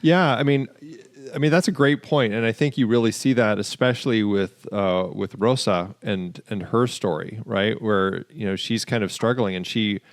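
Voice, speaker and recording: A man's voice: lowish voice, normal speed, dry recording, clean studio sound. A man co-hosting a casual film discussion, agreeing often and then making his point. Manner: frequent agreeing backchannels. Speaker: podcast co-host.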